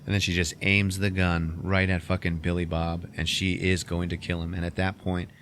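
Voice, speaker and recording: Low-voiced man telling a movie story. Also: normal speed, a little hiss or hum. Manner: animated storytelling, swearing, acting out characters in squeaky voices. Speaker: podcast host recapping a movie. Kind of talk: casual chat.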